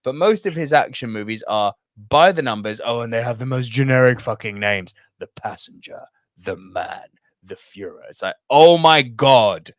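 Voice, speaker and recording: A young man co-hosting a casual podcast, talking in an animated, emphatic way with plenty of swearing. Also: mid-range voice, moderate pace, no room sound, clean studio sound. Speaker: podcast co-host.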